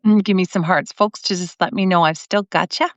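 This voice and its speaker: A woman's voice: fairly low pitch, fairly even intonation, a little fast, dry recording. A middle-aged woman hosting a live stream, telling a personal story earnestly and with many restarts. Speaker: host. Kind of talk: livestreamed heartfelt storytelling. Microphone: computer mic on a live video stream. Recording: dry, slightly muffled stream audio.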